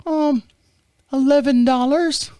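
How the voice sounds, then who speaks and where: A man voicing a young female bank phone representative who speaks in a high, hesitant customer-service voice. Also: steady tone, takes it slowly, dark tone, dry recording, clean studio sound. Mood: meek.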